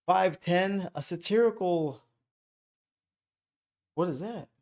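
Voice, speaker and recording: An easygoing young man with a slightly high voice chats about a movie with a friend. He explains details calmly and laughs along. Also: takes it slowly. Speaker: podcast co-host. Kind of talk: casual movie review chat.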